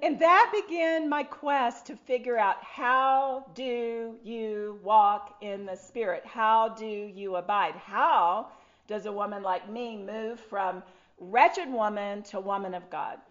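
A middle-aged woman, telling her personal testimony to a live audience in an animated, self-deprecating way. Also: mid-range voice, slow, muffled recording. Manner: animated, self-deprecating storyteller with frequent restarts. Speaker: speaker sharing her testimony. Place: room with an audience.

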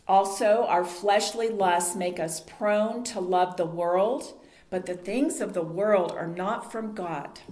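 A woman with a low-leaning, slightly mellow voice teaches a Bible study group in a meeting room. Her style is an earnest, conversational sermon in which she asks the group questions, and the recording has a roomy echo.

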